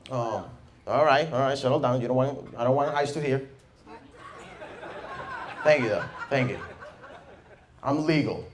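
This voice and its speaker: A young man with a Venezuelan Spanish accent doing a stand-up set in a deadpan, mumbling, self-deprecating way. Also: medium pitch, measured pace, pauses often. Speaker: stand-up comedian. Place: comedy club stage with audience. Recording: roomy club sound with faint noise.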